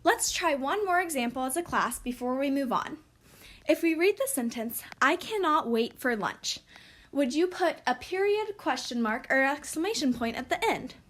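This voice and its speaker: A woman teaching a recorded lesson, speaking slowly and clearly for young children. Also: sits high, animated.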